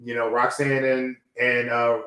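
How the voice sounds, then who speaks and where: A man chats casually as a podcast co-host and jumps into quick acted-out lines. His voice sits at a middle pitch. The room gives it a noticeable echo. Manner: animated, acts out wrestlers in quick voices. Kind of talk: casual wrestling chat.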